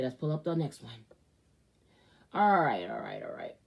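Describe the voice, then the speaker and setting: Give me an expressive woman host reading a viewer letter, loud exclamations mixed with quiet asides. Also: rumbling low, moderate pace, vocal fry, pauses often, muffled recording. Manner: animated, exclamatory, swings from loud outbursts to muttering asides. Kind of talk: casual advice show, reading a viewer letter.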